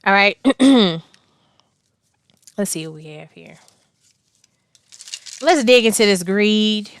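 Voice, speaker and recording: A woman's voice: medium pitch, fairly bright tone, smooth, no room sound, clean studio sound. A woman doing a casual tarot reading, blunt and slangy, laughing often and cursing freely. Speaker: tarot reader.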